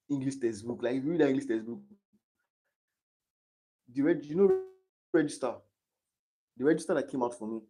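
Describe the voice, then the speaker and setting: A young man in his late teens with a Nigerian accent, casually talking through exam questions on a livestream, reading the options aloud and thinking out loud. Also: mid-range voice. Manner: thinks aloud, reading quiz options aloud and chatting between them. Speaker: exam candidate streaming his study session.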